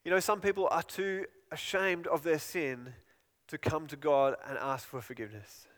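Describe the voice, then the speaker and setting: A man's voice: on the high side, steady tone, moderate pace, fairly bright tone, in a large hall. A man preaching a sermon in an earnest, pleading way, often repeating and restarting phrases.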